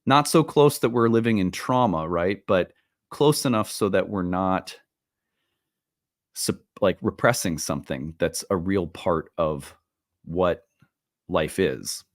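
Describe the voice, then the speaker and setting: A man hosting an astrology video in a casual talk, animated and self-deprecating, laughing at his own jokes, recorded at home. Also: deep voice, slow, dry recording, studio quality. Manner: self-deprecating, playful asides. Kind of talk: casual solo talk to camera. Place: home room with open windows.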